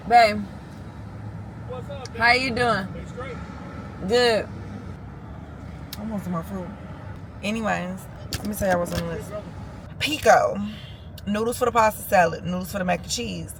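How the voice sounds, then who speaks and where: A woman's voice: medium pitch, normal speed, pauses often, noisy background. A young woman vlogging in a loose, chatty and informal way, talking straight to her viewers. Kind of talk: casual vlog chat to camera.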